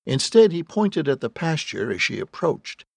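Gravelly wry male audiobook narrator. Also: fairly high pitch, normal speed, no echo. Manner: wry, deadpan storytelling. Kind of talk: scripted narration.

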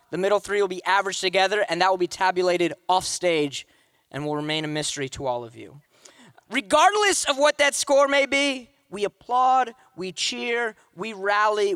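A man's voice: high voice, pushed and bright. A man hosting a live poetry slam on stage, hyping the crowd and reading out scores. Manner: hyping the crowd, call-and-response. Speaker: emcee of a youth poetry slam. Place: theater stage with audience. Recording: long reverb of a large venue.

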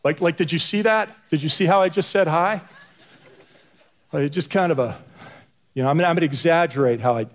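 A man's voice: a little high, fairly quick, pauses often. A man preaching a conversational sermon as pastor, often stumbling and repeating words as he talks. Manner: stammering repetitions, conversational.

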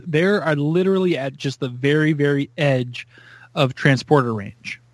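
A man in casual podcast chat, excitable and acting out his own reactions. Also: dry recording. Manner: excitable, acts out his own reactions with big pitch jumps. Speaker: podcast co-host.

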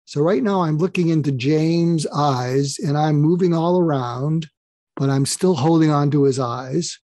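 A man's voice: a little high, unhurried, warm tone, no echo. An older man, a psychiatrist guest on an interview show, telling a story and acting out the exchanges he quotes.

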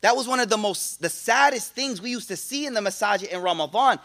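A man gives an animated religious talk in a high, bright voice. He preaches in casual slang, restarting his sentences often and tossing in playful asides to the room. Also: fairly quick. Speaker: Islamic teacher. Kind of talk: lively religious talk to a congregation.

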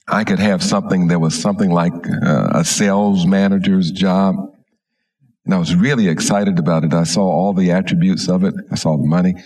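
A middle-aged man, a minister, telling a story slowly and gently in a sermon. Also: sits low.

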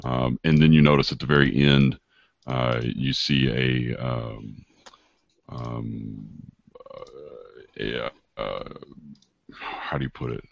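A man with an extremely deep, gravelly voice narrates a tabletop game as game master. He halts often and hunts for words. The recording is dull and dry. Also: little pitch movement, no room sound. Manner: halting, searches for words with many fillers.

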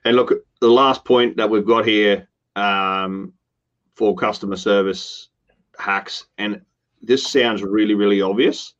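A man's voice: fairly low pitch, fairly even intonation, slow, fairly bright tone. Earnest man on a lo-fi line. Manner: earnest, with upbeat quoted asides. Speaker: podcast co-host. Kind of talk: casual business chat.

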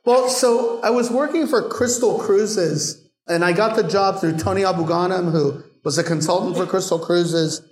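A middle-aged man, a guest bartender, telling animated stories in a live Q&A and laughing often. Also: high voice, moderate pace, hardly any pauses. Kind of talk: live Q&A storytelling. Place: bar venue with audience. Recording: echoey live venue.

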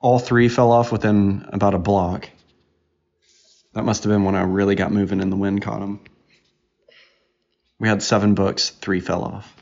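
A man's voice: fairly low pitch, little pitch movement, moderate pace, long pauses, a little mellow. A man co-hosting a casual family podcast with his daughter, talking in a teasing, playful way. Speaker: podcast co-host, father. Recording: dull lo-fi recording.

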